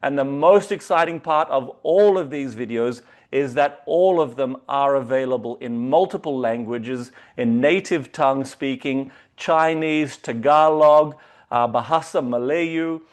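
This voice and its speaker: A man hosting a company video call, hyping the guest with excitable introductions. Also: medium pitch, a little slow. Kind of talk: enthusiastic online meeting hosting.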